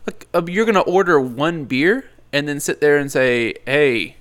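A man's voice: fairly high pitch, expressive, moderate pace, a bit bright. A man chatting casually about a movie, rambling with lots of fillers and jokes. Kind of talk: casual movie review chat.

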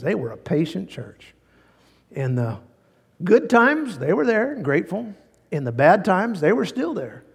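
A man's voice: high-pitched, big pitch swings, unhurried, creaky, husky, long reverb tail. A male pastor preaching a sermon in a folksy, fervent way, repeating key phrases for emphasis.

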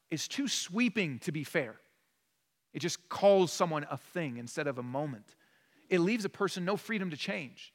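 A man's voice: a little high, expressive, moderate pace, fairly bright tone, big-room sound. A male pastor preaching a sermon in an earnest, emphatic, conversational way. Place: church sanctuary.

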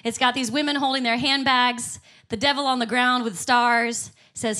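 A woman preaches a sermon in church, upbeat and emphatic, often breaking into a laugh. Her voice sits high and rings bright. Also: steady tone, normal speed. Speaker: pastor.

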